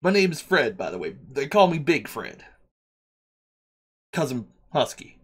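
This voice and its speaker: A man's voice: mid-range voice, very animated, measured pace, slightly rough. A man voicing a friendly, burly, bearded male subway maintenance worker, who talks in a chatty, rambling, easygoing way. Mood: chummy.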